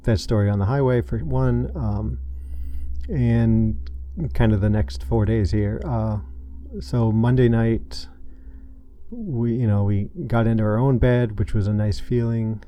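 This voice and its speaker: A man hosting his own podcast, telling a painful personal story in a halting way, full of restarts and fillers. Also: on the low side, steady tone, dull audio. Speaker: podcast host. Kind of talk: personal confessional monologue.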